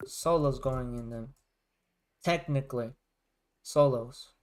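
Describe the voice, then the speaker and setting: A man's voice: medium pitch, slow, smooth. A man, a music creator, chatting casually on a livestream, rambling and circling back to rephrase his points.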